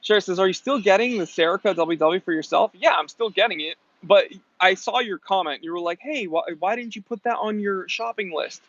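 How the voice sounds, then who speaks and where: A man's voice: high voice, fairly quick, a bit bright, dry recording, lo-fi sound. A young adult man hosting a casual live stream, reading out viewer comments in an upbeat, chatty way. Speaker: host.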